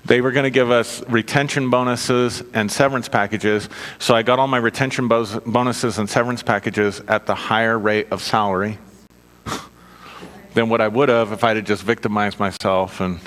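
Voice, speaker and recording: A man's voice: lowish voice, steady tone, moderate pace, a bit bright. A middle-aged man giving a conversational sermon built on personal stories, chatty and self-mocking, often checking in with his listeners. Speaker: minister. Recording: long reverb of a hall.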